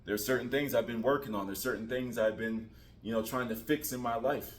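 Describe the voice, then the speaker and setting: A man's voice: medium pitch, steady tone, a little fast. A man talking casually to camera about spiritual growth, goofy and joking. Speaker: vlogger. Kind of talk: casual motivational talk.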